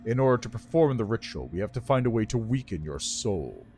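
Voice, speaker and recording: A man voicing an ancient male lich, a dry, rasping and condescending teacher who lectures. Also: fairly low pitch, sing-song, a little fast, a little mellow, a little hiss or hum. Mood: cold, bitter.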